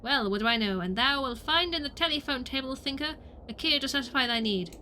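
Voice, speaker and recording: A woman's voice: high voice, a little fast, sharp tone, a little hiss or hum. A woman voicing a formal, old-fashioned landlord in a video game, speaking in archaic phrasing.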